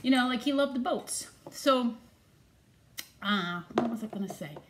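A woman's voice: on the high side, animated, a little slow, noisy background. Rambling, tough-talking woman. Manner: digressive, chatty, loses her train of thought. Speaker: comedy vlogger in character. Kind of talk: rambling comedic character monologue.

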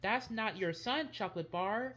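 A woman's voice: mid-range voice, moderate pace, a bit bright, natural voice. A woman voicing Mario, a cheerful, chatty male plumber and football fan, in a kids' toy play video. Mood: insistent.

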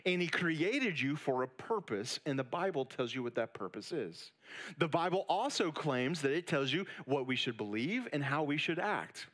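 A man's voice: a little high, a bit bright. A middle-aged man preaching a sermon from a church stage, casual and conversational, often checking in with the crowd. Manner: casual, conversational preaching with frequent "all right?" check-ins. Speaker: pastor.

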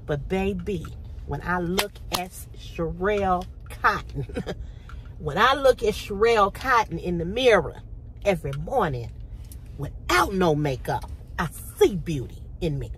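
A middle-aged woman vlogging to her phone camera, blunt and profane, with a throat tickle, going from low talk to impassioned near-shouting. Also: very animated, measured pace, slight background noise. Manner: preachy, rising to impassioned shouting.

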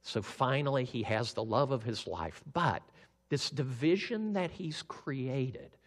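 Pastor, sermon storyteller, slow and animated, long hall echo. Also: male voice, mid-range voice. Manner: animated, acts out characters.

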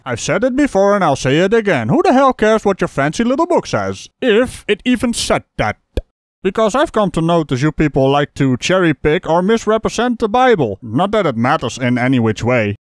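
A man's voice: high-pitched, very animated, moderate pace, no echo, studio quality. A man hosting a reaction video, mocking the clip he plays with scornful, chuckling sarcasm. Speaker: commentary host reacting to a video.

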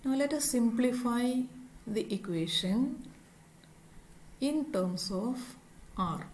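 Slow, expressive, and slightly mellow, a woman with a somewhat high voice lectures on physics, walking through a derivation one step at a time and naming each term and symbol. The low-quality recording carries slight background noise.

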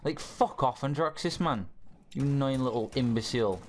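A man's voice: mid-range voice, expressive, moderate pace, a little hiss or hum. A young man giving live gameplay commentary, swearing and ranting at his teammates in frustration. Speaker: gamer.

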